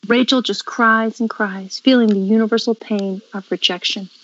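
A woman co-host reading script stage directions aloud in a brisk, matter-of-fact way. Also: medium pitch, fairly even intonation, fairly bright tone, highs cut off. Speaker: podcast co-host.

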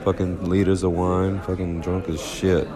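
A man's voice: deep voice, level tone, moderate pace. A man leaving a profane, boisterous voice message for a show. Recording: loud crowd behind.

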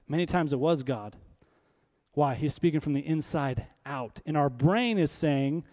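Conversational pastor preaching, slightly high voice. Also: male voice, moderate pace, warm tone. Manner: conversational, emphatic preaching with rhetorical questions. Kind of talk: sermon.

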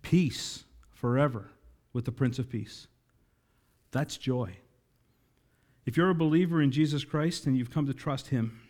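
Preaching with a mid-range, slightly mellow voice, a pastor addresses his congregation directly through asides. He builds the sermon to rousing climaxes delivered with strong emphasis.

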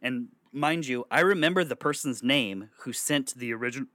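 A man's voice: mid-range voice, moderate pace, no room sound, studio quality. A young man telling a long personal story to friends in a casual, rambling way, with swearing and laughter. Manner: rambling, animated, swears, laughs between lines.

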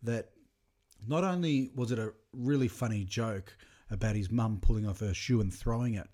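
A man's voice: fairly low pitch, normal speed, warm tone. A man chatting casually and reflectively about a comedy clip, with some fillers and restarts. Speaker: commentator. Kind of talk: casual reaction commentary.

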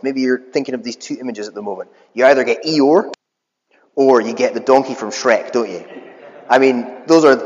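A male preacher delivers a sermon in a relaxed, conversational way, pausing on filler words. His mid-pitched voice carries through a church hall with long reverb. The recording sounds dull and lo-fi.

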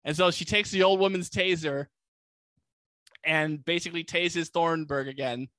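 A man tells a movie's story in loose, chatty fashion, packing his sentences with "like" and slipping into quick voices for the characters. His voice sits a bit high and sounds bright and forward. The recording is dry and close, with no room around him. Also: no room sound. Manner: animated, acts out characters with voices; many "like" fillers. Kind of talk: casual movie recap.

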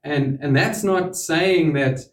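A man preaching a sermon to a church congregation, earnest, dropping to a hush on key words. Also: fairly high pitch, slow pace. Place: church hall. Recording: roomy, from a distance.

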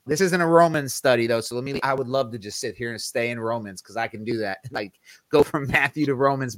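A man with a mid-range, fairly bright voice hosts a podcast Bible study in a dry recording. He explains scripture conversationally, corrects himself as he goes, and leans hard on quoted verses, stressing them emphatically.

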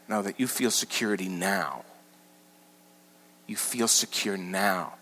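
A man preaching a sermon as pastor, teaching with animated, emphatic repetition. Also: sits low, slow pace, long pauses. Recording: large hall with long reverb.

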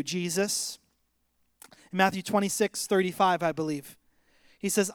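Impassioned high-voiced male preacher. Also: moderate pace, clean tone, no echo. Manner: impassioned preaching, swings between loud emphasis and soft lowered delivery. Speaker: pastor. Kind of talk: sermon.

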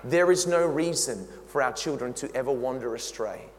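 A man preaching a sermon, emphatic and animated, talking straight to the congregation. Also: medium pitch, moderate pace. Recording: long reverb in a big hall.

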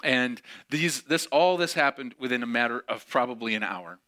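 A young man tells a personal story from the pulpit, lively and expressive. He acts out each quoted line in a bright, forward voice. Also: medium pitch, moderate pace. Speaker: speaker. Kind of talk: storytelling sermon.

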